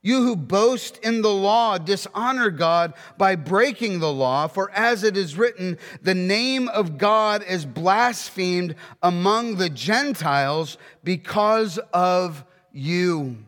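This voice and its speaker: A man preaching a sermon, emphatic, with rhetorical questions and slowing down to read scripture. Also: sits high, animated, a bit bright, long reverb tail.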